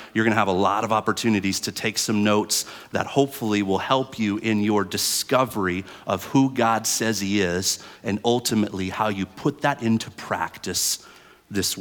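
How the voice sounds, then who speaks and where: Man preaching in a reverberant hall. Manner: animated storytelling, rising high and loud in the story. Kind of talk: sermon with a told story. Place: church hall with students present.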